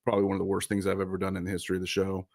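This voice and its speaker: A man's voice: low voice, completely flat delivery, rapid-fire, creaky, a little mellow. A man hosts a live soccer talk show in an easy, rambling way. He keeps doubling back on his words, teases himself and swears now and then. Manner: rambling, profane, self-mocking. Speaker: podcast host. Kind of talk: casual live soccer chat.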